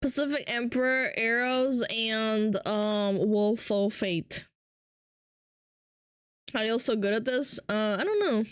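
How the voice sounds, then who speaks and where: Young woman, streamer, high voice, slow unhurried talk, teasing, playful. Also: clear, resonant tone, dry recording, clean studio sound. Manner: playful, teasing, switches between English and Russian. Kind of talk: casual live-stream chat.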